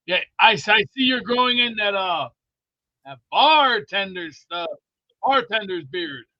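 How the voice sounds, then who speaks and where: A man calling in to a sports show, rambling jokily with sudden loud outbursts. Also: high-pitched, expressive, a little slow, no echo, muffled recording. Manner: rambling, jokey storyteller with sudden loud bursts. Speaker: caller. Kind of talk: rambling call-in chat.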